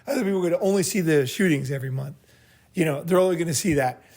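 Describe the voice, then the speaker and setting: Racing along in a slightly high, mellow voice, the host of a group meeting dispenses blunt, swear-filled advice. He rambles casually and follows every point with "right?"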